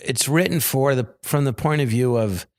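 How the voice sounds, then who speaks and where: A man's voice: medium pitch, moderate pace. A man who is a guest on a podcast, chatting casually and acting out other people's lines as he talks. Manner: conversational, acts out other people's lines in quotes. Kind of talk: casual conversational podcast chat.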